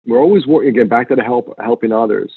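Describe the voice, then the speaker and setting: A man appearing as an interview guest speaks earnestly and fast, an animated storyteller who repeats key points for emphasis. His slightly husky, mid-range voice comes through a thin, phone-like line, and the sound is close and dry with no echo.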